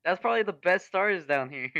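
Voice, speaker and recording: A man's voice: high-pitched, animated, moderate pace, bright, forceful tone, lo-fi sound. A man co-hosting a podcast in casual chat, easygoing and joking, with loose slang. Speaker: podcast co-host.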